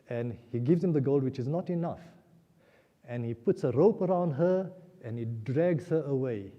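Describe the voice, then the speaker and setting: A man's voice: medium pitch, normal speed. Casual: guy narrating a scripture tale in a temple hall, emotional, dull lo-fi sound. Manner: animated, emotional retelling. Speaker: speaker at a temple celebration. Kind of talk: spiritual discourse storytelling. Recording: muffled sound in a reverberant hall.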